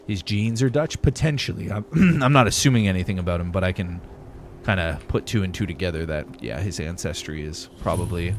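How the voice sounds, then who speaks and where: A man's voice: lowish voice, slight background noise. A young man streaming a game, chatting loosely with viewers, swearing casually and laughing often. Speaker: gaming streamer. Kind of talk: live-stream gameplay chat, reading viewer messages.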